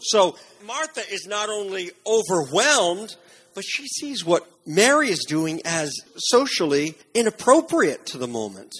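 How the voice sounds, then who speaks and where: Husky-voiced man preaching earnestly. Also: sits high. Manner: earnest, emphatic preaching with softer reflective passages. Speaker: pastor. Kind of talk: sermon.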